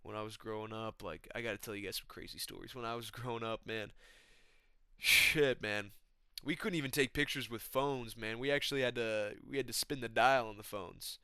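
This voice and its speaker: A man putting on the voice of a gentle, bearded older male fighter who speaks softly and low. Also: moderate pace, clean tone. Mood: soft nostalgic. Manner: soft, low and murmuring.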